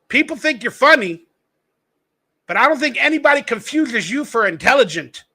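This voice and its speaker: Male podcast host, high bright voice, profane mocking rant. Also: lively intonation, moderate pace, slightly rough. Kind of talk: ranting commentary.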